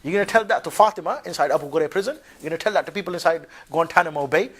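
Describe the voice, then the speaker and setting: Slangy, higher-voiced man lecturing. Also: very fast, fairly bright tone, breathy edge. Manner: conversational, colloquial, keeps asking "yeah?"; mocking asides with short laughs. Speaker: religious lecturer. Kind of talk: religious lecture to a class.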